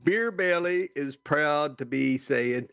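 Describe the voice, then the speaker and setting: A man's voice: fairly high pitch, creaky, fairly bright tone, clear, resonant tone, no room sound. A man co-hosting a studio radio show, refusing things playfully and bantering. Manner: playful, emphatic refusals, slow delivery. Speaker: radio co-host.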